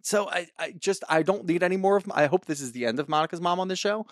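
A man's voice: high-pitched, fast, no room sound, studio quality. A man co-hosting a casual recap podcast, talking bluntly with lots of swearing. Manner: blunt, profane, emphatic. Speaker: podcast co-host.

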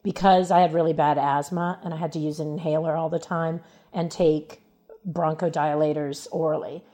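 A woman's voice: low-pitched, level tone, normal speed, mellow. A woman from Louisiana speaking as a podcast guest in casual chat, telling personal stories frankly and laughing along the way.

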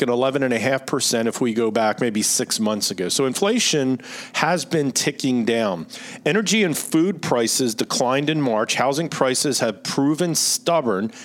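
A middle-aged man with a Philadelphia accent hosts a finance podcast. He talks in a loose, explanatory way, reading out figures and tossing in rhetorical questions. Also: mid-range voice. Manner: explanatory, reads out figures, asks rhetorical "right?". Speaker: financial advisor podcast host. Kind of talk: conversational podcast talk.

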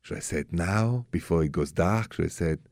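A man's voice: sits low, expressive, brisk, dry recording, clean studio sound. A man with a French accent hosting a radio love-advice show, telling stories and talking frankly with callers. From France. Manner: warm storytelling, direct and frank with callers. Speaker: radio host.

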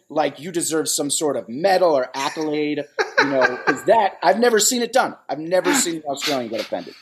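A man's voice: on the high side, breathy edge. A man co-hosting a podcast in casual chat, teasing and playful. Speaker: podcast co-host.

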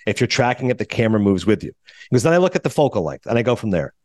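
A man co-hosting a talk show, retelling interviews in a quick, animated casual chat and acting out quotes in higher voices. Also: no room sound, clean studio sound. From New Jersey. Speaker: radio show co-host.

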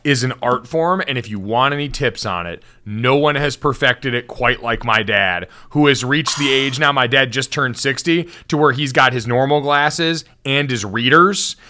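A man's voice: medium pitch, moderate pace, few pauses, sharp tone. A man co-hosting a podcast, teasing his guests in long, playful riffs. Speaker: co-host. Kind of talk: casual podcast chat.

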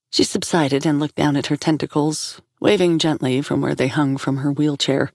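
A woman's voice: low voice, flat delivery, moderate pace, gravelly, hardly any pauses, darkish tone, dry recording. A woman narrating a fiction series in a scripted style, close to the mic. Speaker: audiobook narrator.

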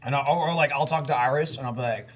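A man's voice: medium pitch, rapid-fire, a little hiss or hum. A man co-hosting a casual podcast, telling stories with lots of swearing. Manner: animated storyteller, swears freely. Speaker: podcast co-host. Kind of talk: casual chat.

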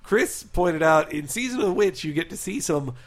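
A man co-hosting a comics podcast, talking in a rambling, casual way with lots of fillers and quick asides. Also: high-pitched, lively intonation. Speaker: podcast co-host. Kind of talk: casual chat.

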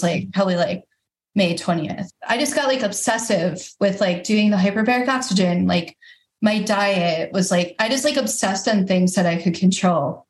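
A woman speaking as a guest in a casual podcast interview, open and talkative, her thoughts tumbling out with plenty of fillers. Her voice sits at an ordinary middle pitch, and the recording has a noticeable roomy echo. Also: a little mellow. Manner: candid and chatty, many fillers.

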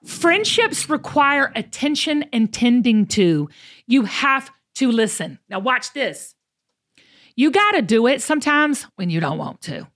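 Her voice is a little high and she takes her time. Hosting a relaxed podcast conversation with a friend, she comes across animated, preachy and emphatic, performing the quotes she relays.

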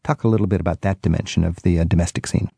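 Male interview host, gravelly low voice, mellow dark tone, curious and chatty. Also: fairly even intonation, very fast, dry recording. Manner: curious, chatty, laughs along. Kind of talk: radio interview.

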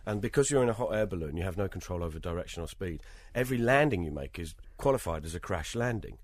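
A British man with a deep, low voice tells travel stories with lively relish, slipping into the voices of people he met. His tone is a little husky, and the recording is dry and close, with no room sound. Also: fast, no echo. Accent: British English. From Britain. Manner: lively raconteur, acts out other people's lines. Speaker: interview guest, travelling performer. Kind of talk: conversational anecdotal storytelling.

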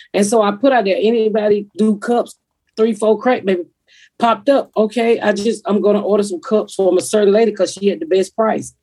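A woman's voice: medium pitch, dark tone, slightly rough. A woman hosting a podcast, talking in a blunt, profane, rambling way. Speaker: comedian podcast host. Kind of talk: casual podcast chat.

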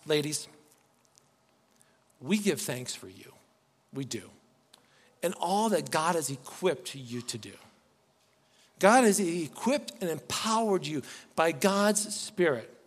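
Man preaching, somewhat high voice, animated, loud then soft, long church reverb. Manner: animated, swings between loud emphatic lines and quiet soft ones. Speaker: pastor. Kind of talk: sermon. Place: church sanctuary.

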